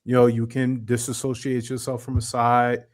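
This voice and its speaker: A man's voice: medium pitch, monotone, normal speed. A man with an American accent co-hosting a podcast, talking bluntly and rambling with a lot of profanity. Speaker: podcast co-host. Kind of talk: casual podcast chat.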